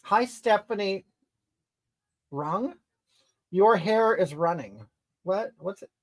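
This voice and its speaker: Drag-style performer putting on a loud rude entitled lady, swoops all over while she scolds the chat, stays mid pitch. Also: animated, slow pace. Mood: indignant. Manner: brash, indignant, scolding, rambling. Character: crude, entitled, brash middle-aged woman. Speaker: comedy livestreamer reading comments in character. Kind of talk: improvised character comedy.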